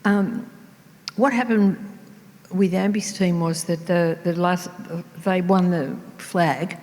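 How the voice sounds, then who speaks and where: An older Australian woman, an author, chatting on stage and telling anecdotes that trail into soft asides. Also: lowish voice, slow. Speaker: author guest. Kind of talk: casual on-stage conversation. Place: large town hall ballroom. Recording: long reverb of a large hall.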